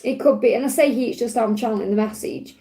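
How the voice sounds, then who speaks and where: A woman with a Stoke-on-Trent accent, giving a gentle, chatty card reading on a live stream and answering viewers. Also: on the high side, fast talker, low-quality recording. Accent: Stoke-on-Trent English. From England. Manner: gentle, reassuring, chatty with frequent restarts. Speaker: tarot and angel card reader.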